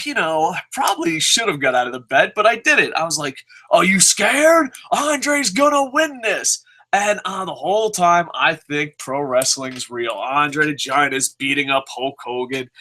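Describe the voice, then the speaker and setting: A man's voice: a little high, sharp tone. A man in his thirties from New Jersey, a podcast host telling a story casually, swearing a lot and laughing as he talks. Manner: profane, laughs often while talking.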